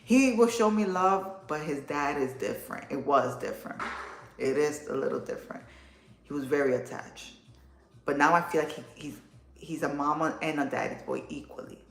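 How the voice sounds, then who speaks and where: A woman in her thirties hosting a casual livestream, chatting warmly and answering viewer comments. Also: low voice, normal speed. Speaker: livestream host. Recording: echoey room.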